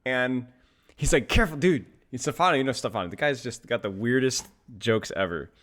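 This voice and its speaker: A man's voice: mid-range voice, animated, brisk, fairly bright tone. A man streaming and coaching a game, chatting casually with his viewers in a loose, rambling way and often breaking into laughter. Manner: giggly, keeps breaking into laughter. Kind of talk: casual live-stream chat.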